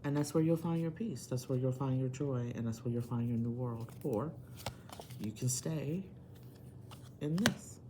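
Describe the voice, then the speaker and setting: A woman's voice: rumbling low, unhurried, background noise. A woman tarot reader talking straight to her viewers in a casual video, earnest and emphatic like a pep talk.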